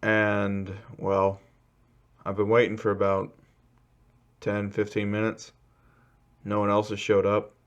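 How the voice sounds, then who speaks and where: A man's voice: lowish voice, monotone, slow pace, long pauses, clear, resonant tone, highs cut off. A man voicing a sullen, withdrawn teenage boy. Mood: resigned.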